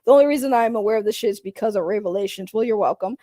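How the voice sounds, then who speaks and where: A woman's voice: medium pitch, very fast, warm tone, no echo, clean studio sound. A woman streaming live as host of a drama channel, ranting casually in a blunt, profane, mocking way.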